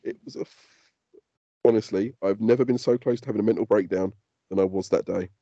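Guy ranting on a podcast, swears a lot, husky warm voice, lo-fi sound. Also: lowish voice, brisk, dry recording. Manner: sweary, animated storytelling. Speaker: podcast co-host. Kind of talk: casual chat.

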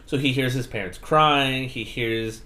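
Guy on a podcast recapping a book, animated, acts out the lines, swears a bunch, mid-pitch voice. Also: measured pace. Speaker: podcast host. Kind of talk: casual book-recap chat.

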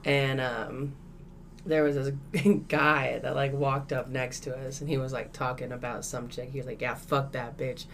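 A woman's voice: a bass voice, normal speed, a little hiss or hum. A woman co-hosting a podcast, telling a story in casual chat. She swears a lot and acts out what people said. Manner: profane, animated, acts out quotes. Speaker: podcast co-host. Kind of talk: casual storytelling among friends.

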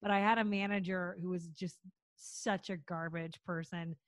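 A woman's voice: lowish voice, normal speed, no room sound. Blunt, laughing woman, dry sound. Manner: laughing, blunt, expressive storytelling. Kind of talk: casual chat.

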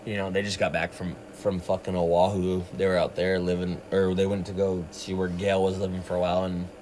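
A man's voice: low-pitched, level tone, brisk, darkish tone, slight background noise. A man chatting casually on a livestream, telling long profane stories. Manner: profane, rambling storyteller. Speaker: livestream co-host. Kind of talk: casual chat.

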